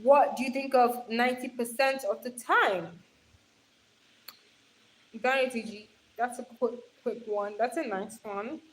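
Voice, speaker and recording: A woman's voice: fairly high pitch, unhurried, low-quality recording. Chatty young woman hosting a livestream. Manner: chatty, affectionate, calls viewers darling, laughs often. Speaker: livestream host. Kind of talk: casual livestream chat reading comments. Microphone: phone held in hand.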